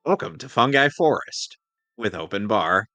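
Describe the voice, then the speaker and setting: Man streamer host, low-ish bright voice, rambly casual game chat, dry mic with faint music under. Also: very animated, dry recording. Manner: rambling, joking, halting restarts. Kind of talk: casual gameplay commentary.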